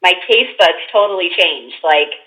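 A woman guest on a podcast, telling a story in casual chat and acting out the voices in her quotes with big jumps in pitch. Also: expressive, normal speed, bright, forceful tone. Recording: dull lo-fi sound.

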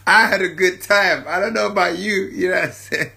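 A man's voice: sits high, normal speed, creaky, bright, forceful tone. A man giving a casual, jovial spiritual monologue, laughing often and talking in slang with lots of repetition.

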